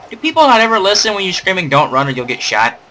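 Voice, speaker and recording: A man's voice: high-pitched, sing-song, fast, bright, forceful tone, a little hiss or hum. A young man doing playful, sarcastic game commentary, rambling and joking at the screen. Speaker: gamer doing a let's play.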